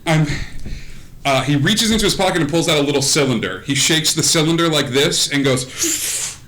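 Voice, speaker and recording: A man's voice: a little high, expressive, a little fast, bright, forceful tone. A man acting as game master of a live-streamed tabletop game, narrating in an improvised, rambling way full of fillers like "uh" and "like". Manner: rambling, filler-heavy, laughs between lines. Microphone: streaming mic.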